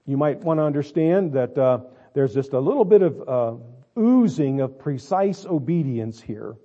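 A male pastor preaching a sermon, swinging between quiet asides and drawn-out, emphatic lines. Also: fairly high pitch, dull audio. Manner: dramatic, swings between quiet and loud, stretches words.

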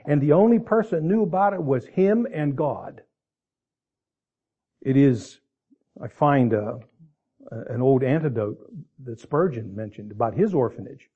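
A man's voice: mid-range voice, lively intonation, measured pace, long pauses, slightly rough, phone-quality sound. A man preaching a sermon in a conversational way, with asides and restarts, ending in prayer. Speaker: pastor.

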